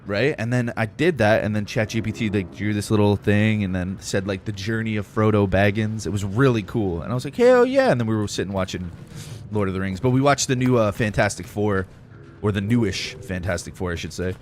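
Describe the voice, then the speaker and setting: Rambling low-voiced young man streamer. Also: steady tone, brisk, a little hiss or hum. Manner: rambling, laid-back, heavy use of "like" and "dude". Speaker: gaming streamer. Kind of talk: casual chat while playing.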